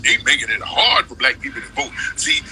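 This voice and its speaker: A man hosting a live stream rants through political commentary, heated and slangy, leaning hard on his points. His tone is strikingly bright and cutting. Faint background noise sits under the voice. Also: medium pitch, sing-song, brisk, poor audio.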